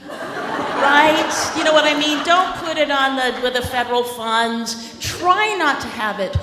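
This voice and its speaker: An animated woman in her fifties tells stories on stage at a live event, laughing as she goes and bursting into comic shouts. Her voice sits fairly high. It carries through a large, echoey hall with a lingering reverb and clear background noise. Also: a little slow. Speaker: author on a panel.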